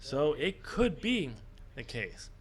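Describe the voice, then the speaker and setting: A man's voice: fairly high pitch, big pitch swings, takes it slowly. A man co-hosting a casual wrestling predictions podcast, talking in a hesitant way with many fillers. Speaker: podcast co-host.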